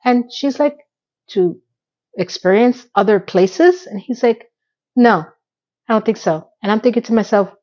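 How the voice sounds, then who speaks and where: A woman's voice: a little high, normal speed, a little mellow, muffled recording. A woman giving a casual, opinionated recap of a TV episode. She retells scenes by acting out the quotes and drops blunt asides.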